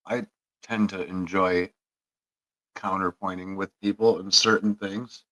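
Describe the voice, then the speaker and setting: A man's voice: sits low, fairly even intonation, measured pace, a bit bright, low-quality recording. A man hosting a podcast, telling a long, profane story in a rambling, casual way. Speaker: podcast host.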